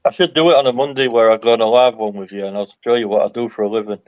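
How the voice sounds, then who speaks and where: A man's voice: mid-range voice, fairly even intonation, racing, darkish tone, no room sound. Blunt middle-aged man on a muffled call. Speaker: panel guest, ex-army dock worker. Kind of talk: casual chat on a livestream. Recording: dull, muffled call audio.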